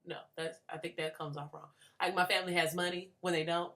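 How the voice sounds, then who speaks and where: A woman's voice: lowish voice, level tone, brisk, fairly bright tone. A young woman from Atlanta, a graduate student giving a thoughtful spoken response to a book, with frequent fillers and restarts.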